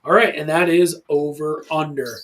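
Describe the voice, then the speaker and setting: A man in his forties hosts a casual podcast chat from a studio, with a voice sitting a little higher than most men's. He tells stories with lots of energy and gets loud when he acts out what people said. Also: normal speed. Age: 40s. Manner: animated storyteller, loud when acting out quotes. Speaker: podcast host.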